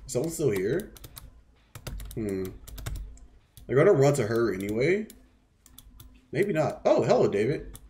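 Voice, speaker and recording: A man's voice: mid-range voice, very animated, a little slow, long pauses, mellow. A man streaming a game live, casually explaining strategy while teasing the players on screen and swearing freely. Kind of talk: live gameplay commentary.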